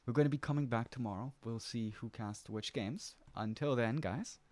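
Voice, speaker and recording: A man hosting an esports broadcast who interviews a player and wraps up the show in an upbeat, animated way. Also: mid-range voice, dry recording. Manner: upbeat, animated, quick to praise. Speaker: esports caster and interview host.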